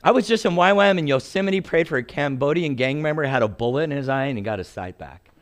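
A man's voice: a little high, fast talker. Humorous older male pastor preaching. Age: 60s. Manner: humorous, animated storyteller. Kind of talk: sermon with storytelling.

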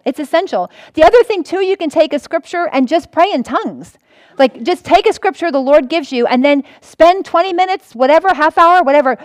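A woman's voice: high voice, dry recording. A woman pastor teaching a sermon in an earnest way, often restarting and repeating her points.

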